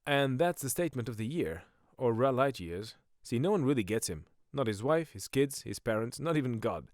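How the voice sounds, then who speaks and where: A man's voice: mid-range voice, very animated, normal speed, a little mellow, no echo. Comedian guy rambling on his podcast, mocks himself a lot, voice bouncing all over, dry close sound. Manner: jokey, self-mocking, goes off on tangents. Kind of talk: rambling comic monologue.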